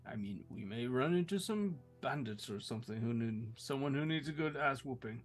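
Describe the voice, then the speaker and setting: A man playing a tabletop game, easygoing and quick to laugh. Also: medium pitch, lively intonation, soft background music. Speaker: player.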